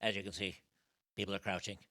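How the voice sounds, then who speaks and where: A man's voice: deep voice, level tone, fast talker, very noisy. A man hosting a live stream with casual political commentary, blunt, profane and mocking.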